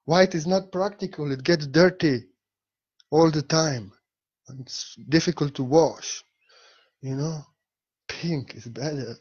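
A man's voice: fairly high pitch, takes it slowly, long pauses, darkish tone, slightly rough, dull audio. A man giving an earnest spiritual talk in a vlog, repeating key phrases for emphasis. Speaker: spiritual teacher.

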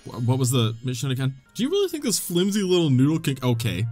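A young man giving excitable, swearing let's play commentary, his voice jumping high when the game gets tense. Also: quick pace, soft background music. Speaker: gaming YouTuber.

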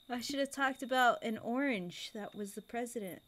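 A woman's voice: fairly high pitch, moderate pace, few pauses. A woman streamer playing a video game, giggling and talking to herself as she decides what to do. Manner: giggly, self-talking, flustered. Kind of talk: let's play commentary.

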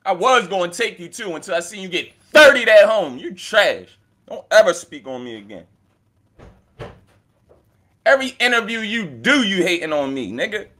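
A man talking casually as a battle rapper, taunting and swearing at a rival in an animated, mocking way. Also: sits high, normal speed. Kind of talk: casual trash talk. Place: indoors with friends.

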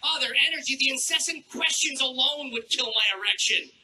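A man doing a crude, sardonic stand-up set on a stage with a handheld mic, clearing a troubled throat now and then. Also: extremely high pitch, normal speed, hardly any pauses, sharp tone, poor audio. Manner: crude, brash and sardonic, with acted-out asides. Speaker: stand-up comedian. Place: comedy club stage.

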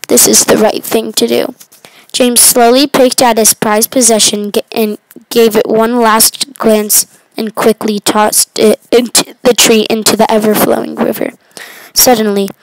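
A woman reading a story aloud, stumbling, restarting and filling pauses as she goes. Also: on the high side, level tone, no echo, rough recording.

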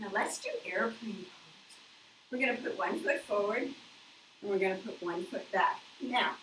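A woman teaching a children's yoga class, counting aloud and giving gentle, cheerful cues. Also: a little high, echoey room, distant mic, a little hiss or hum, poor audio. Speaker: yoga instructor.

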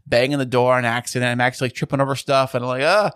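Man in his thirties, podcast co-host, fast and playful, dry studio mic. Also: medium pitch, completely flat delivery, a bit bright, clear, resonant tone, no echo. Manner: fast, playful, laughs often. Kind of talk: casual chat.

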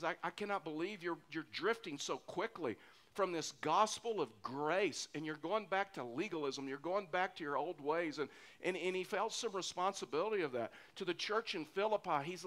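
This middle-aged man's voice is high-pitched and fairly bright, and he keeps a moderate pace. Preaching earnestly as a pastor, he repeats phrases for emphasis.

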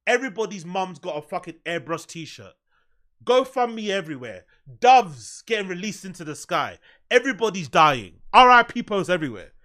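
Male reaction commentator, high bright voice, sarcastic and teasing. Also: big pitch swings. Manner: sarcastic, teasing, quick riffing. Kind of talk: mocking commentary on a clip.

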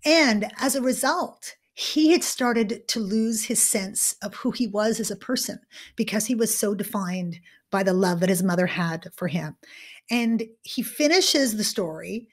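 A woman guest and keynote speaker telling a story in an interview, animated and dramatic, swinging between loud and hushed delivery. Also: medium pitch, a little slow.

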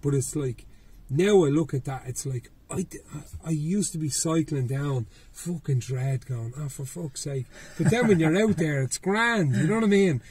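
Mellow, husky Irish man chatting. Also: fairly high pitch, expressive, moderate pace. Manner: swears freely, rambling with restarts. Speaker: podcast host. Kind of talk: casual chat.

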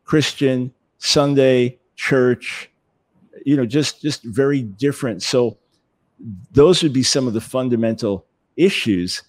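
A man speaking as an interview guest, animated, often repeating words as he builds a point. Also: mid-range voice, slow, no room sound. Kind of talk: conversational interview.

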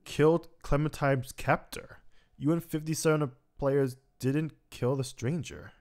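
A tearful young man commentating on a game, sighing often and reading the results aloud in an emotional, halting way. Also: fairly high pitch, fairly even intonation, darkish tone. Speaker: gaming commentator. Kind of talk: let's play commentary.

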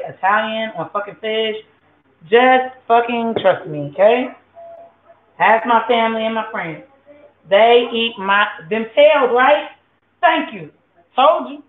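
A home cook, chatting loosely and with lots of swearing to viewers while cooking in a kitchen. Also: mid-range voice. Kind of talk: casual cooking vlog. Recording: tinny, phone-like and echoey.

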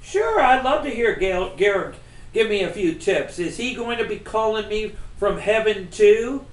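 A man's voice: high voice, lively intonation, a little slow. A man voicing a skeptical, sarcastic young ballplayer, in an echoey room. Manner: sarcastic, disbelieving.

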